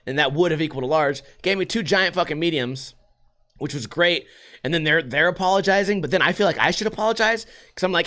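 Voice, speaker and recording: A young man from Las Vegas rants to his podcast audience with a slightly high voice. He swears freely and keeps slipping into other people's voices to act out little scenes. The talk is loose and unscripted, like a story told to friends. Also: fairly quick, clear, resonant tone. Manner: profane, animated, acts out quotes in other voices. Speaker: podcast host. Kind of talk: casual storytelling rant.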